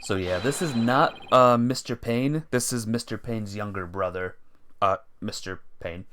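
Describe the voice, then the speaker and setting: A man's voice: lowish voice, measured pace, a bit bright, slight background noise. Chatty male game streamer. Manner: chatty asides to viewers. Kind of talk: casual playthrough commentary.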